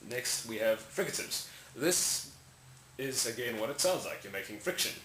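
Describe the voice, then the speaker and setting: In an echoey room with faint hiss, a man who makes language tutorials casually explains speech sounds, rambling, correcting himself, and demonstrating each sound aloud. His medium-pitched voice is expressive, bright, and forceful, at a normal speed.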